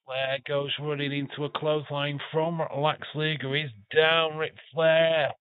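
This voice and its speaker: A man talks through a wrestling match in an unhurried, chatty way, swearing freely. His voice sits at an ordinary pitch. The recording is thin and phone-like, with no room around it. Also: level tone, clear, resonant tone, no room sound. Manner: chatty, profane, laughs often. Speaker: watch-along streamer. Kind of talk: casual live commentary. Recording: tinny phone-like dry sound.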